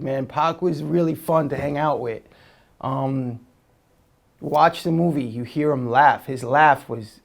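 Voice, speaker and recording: A man telling stories in a relaxed, slangy way as an interview guest, with many fillers and restarts. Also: mid-range voice, vocal fry. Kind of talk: casual storytelling.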